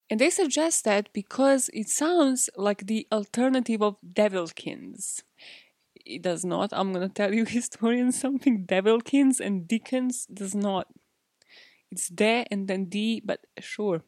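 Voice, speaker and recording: With a warm, expressive medium-pitched voice, a female host takes her time on a casual true-crime podcast. She pokes fun at herself, laughs frequently, curses loosely, and is recorded with a dry, close sound.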